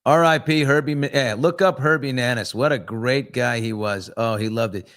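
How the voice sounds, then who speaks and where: A man's voice: medium pitch, normal speed, fairly bright tone. A middle-aged man hosting a live morning chat show, talking loosely and candidly with viewers and rambling through stories with restarts. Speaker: talk show host.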